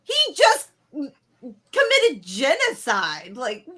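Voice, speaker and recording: A woman's voice: high voice, huge pitch swings, drawn-out words, a bit bright, breathy edge. A woman co-hosting a casual podcast chat, giggling often. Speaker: podcast co-host.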